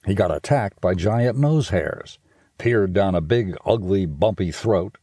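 Warm, husky male storyteller. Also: sits low, measured pace, no echo, clean studio sound. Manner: playful and expressive. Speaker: audiobook narrator. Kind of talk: children's audiobook narration.

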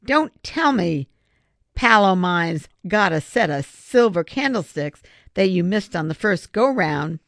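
A narrator voicing a gruff, suspicious retired miner in his old age, growling his lines. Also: mid-range voice, big pitch swings, normal speed, dry recording, studio quality.

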